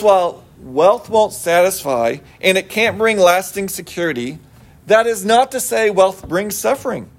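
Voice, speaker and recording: A middle-aged male pastor giving a sermon in an earnest, conversational way, mixing scripture with everyday personal stories. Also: high-pitched.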